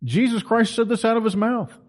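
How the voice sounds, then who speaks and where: A man's voice: very high-pitched, a little fast. A middle-aged man delivering an impassioned, preaching monologue as a Christian commentator, emphatic and full of rhetorical questions.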